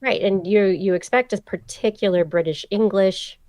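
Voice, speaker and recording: A woman's voice: medium pitch, moderate pace, a little mellow, no echo, clean studio sound. A woman hosting a science podcast, explaining at length in casual chat with plenty of fillers. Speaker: podcast host.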